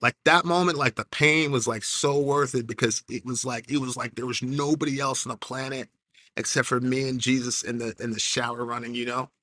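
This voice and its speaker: A man speaks with a bright, forceful edge in a dry, close sound. He tells a personal story earnestly, stopping and restarting and leaning on filler words as he searches for each phrase. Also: mid-range voice, steady tone, brisk, dry recording. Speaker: interview guest. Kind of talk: emotional personal testimony.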